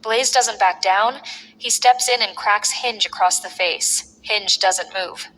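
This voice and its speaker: A woman's voice: mid-range voice, slow pace, sharp tone, a little hiss or hum. A woman narrating a violent wrestling story in short, punchy phrases. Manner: punchy, clipped fight narration. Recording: echoey long reverb.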